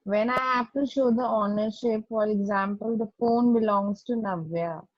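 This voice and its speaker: A woman with a slightly high, fairly even voice teaches grammar during an online class doubt session, going slowly and patiently and leaning on stressed examples. There's no echo, but the video call sound is muffled and lo-fi.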